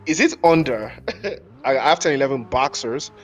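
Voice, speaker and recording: A man's voice: medium pitch, moderate pace. A man casting live esports, mixing play-by-play with joking, slangy chat banter and frequent laughter, on a headset mic with faint background noise. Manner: jokey, rambling, slangy, laughs often. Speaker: esports caster.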